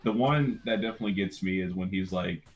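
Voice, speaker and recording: Male guest, casual chat, lowish voice, halting delivery full of fillers. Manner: hesitant, many fillers and restarts.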